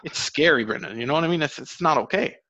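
A young Irish man hosting a podcast, telling rambling, swearing stories with sudden high jumps in his voice. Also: quick pace, no room sound. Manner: rambling, swears, animated storytelling with pitch jumps. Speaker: podcast host. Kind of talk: casual podcast chat.

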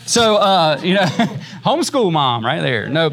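Man, church class teacher, slightly high voice, casual classroom talk, conversational, tags "right?". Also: big pitch swings, moderate pace, fairly bright tone. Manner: conversational, laughs often, says "man" and "right?".

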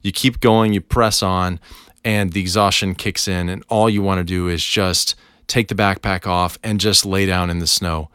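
A man hosting a devotional podcast, telling a personal story in a relaxed, conversational way. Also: deep voice, moderate pace, clean tone, dry recording, studio quality.

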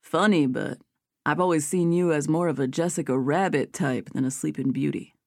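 A woman's voice: fairly low pitch, expressive, normal speed, no echo, clean studio sound, close to an everyday voice. A woman voicing a flirtatious, playful cowboy playboy who speaks in a mock-princely, gallant way.

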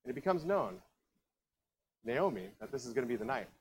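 A man's voice: mid-range voice, big pitch swings, fairly quick, darkish tone, slight background noise, low-quality recording. Chatty male pastor telling a story. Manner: conversational storytelling, lots of asides. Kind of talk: sermon. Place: church.

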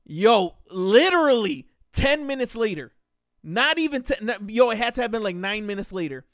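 A young man telling a story on a podcast, animated and profane, acting out the quotes loudly. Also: high-pitched, moderate pace, no room sound, clean studio sound. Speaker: podcast host. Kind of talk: casual storytelling.

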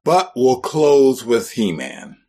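A man's voice: medium pitch, very animated, slow, a little mellow. A man co-hosting a podcast, recapping an episode in casual chat and musing on production choices. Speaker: podcast co-host.

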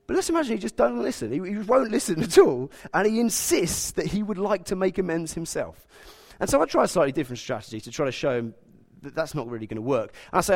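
Animated preacher with humorous asides. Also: male voice, a little high, brisk, gravelly. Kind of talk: sermon.

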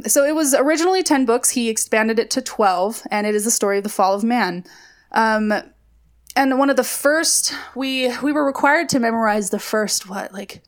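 A woman co-hosting a podcast, explaining a poem in a conversational, explanatory way. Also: mid-range voice. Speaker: podcast co-host. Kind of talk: casual literary discussion.

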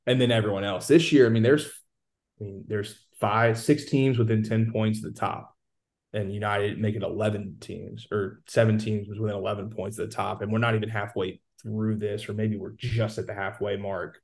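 A man's voice: fairly low pitch, fairly even intonation, moderate pace, creaky, darkish tone. A man on a casual sports chat, confidently breaking down how the league is going. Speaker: soccer analyst guest.

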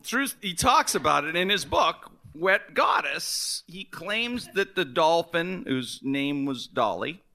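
Bright, animated man hosting a podcast. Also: a little high, slow pace, vocal fry, hardly any pauses. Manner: teasing, laughing, animated. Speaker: podcast host. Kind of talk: casual comedic podcast chat.

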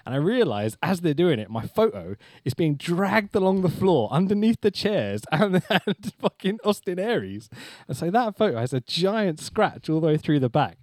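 Young guy laughing thru his stories, swears a lot, super lively voice. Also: high voice, normal speed, hardly any pauses, no room sound, clean studio sound. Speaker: podcast guest. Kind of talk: casual chat.

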